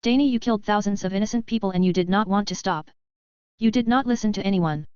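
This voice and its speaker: A woman's voice: mid-range voice, quick pace, a little mellow, clear, resonant tone, no echo, muffled recording, natural voice. A woman reading a guilt-ridden young warrior who speaks with remorse and pleads. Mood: pleading.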